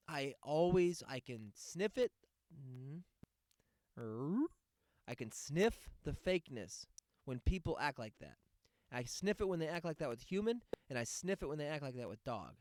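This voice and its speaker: A man's voice: fairly high pitch, sing-song, measured pace, darkish tone, dry recording, clean studio sound. A man hosting a podcast, going on a sarcastic, profane rant in a casual monologue. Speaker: podcast host.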